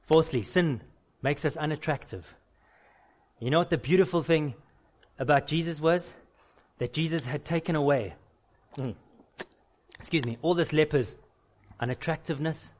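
A man with a somewhat high voice preaching a Sunday sermon. He tells candid personal stories and drives points home with emphatic, repeated lists. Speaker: pastor.

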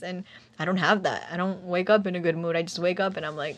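A woman's voice: medium pitch, fairly even intonation, quick pace. Sarcastic laughing American woman host. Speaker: podcast host. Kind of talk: casual podcast chat.

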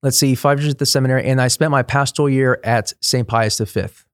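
A man's voice: mid-range voice, fairly even intonation, fast talker, dry recording, studio quality. A middle-aged man, a priest, telling stories in a casual interview, chatty, laughing often and restarting his sentences. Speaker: priest guest.

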